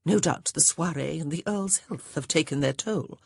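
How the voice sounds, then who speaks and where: A woman's voice: deep voice, moderate pace, gravelly, slightly rough, no room sound, studio quality, heavily acted. Woman doing a trilling, gushing society matron. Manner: trilling and loud.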